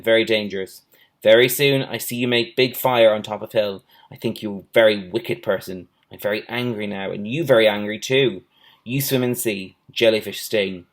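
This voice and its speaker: A man's voice: lowish voice, close to an everyday voice. A man reading a storybook aloud, voicing an old, wary male island hermit who speaks in clipped, broken English. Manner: clipped broken English, plain short phrases.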